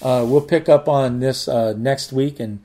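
A man teaching a Bible study as a pastor, talking conversationally with many halting repeats. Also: medium pitch, steady tone, dark tone.

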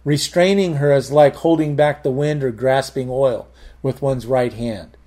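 A man teaching a Bible study as a pastor, talking conversationally with many halting repeats. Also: mid-range voice, steady tone, dark tone.

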